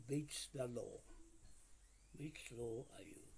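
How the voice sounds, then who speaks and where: A man's voice: mid-range voice, expressive, a little slow, darkish tone, slight background noise. Indignant older New man ranting. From New Zealand. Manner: indignant, confrontational, repetitive. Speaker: video commentator. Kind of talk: ranting monologue to camera.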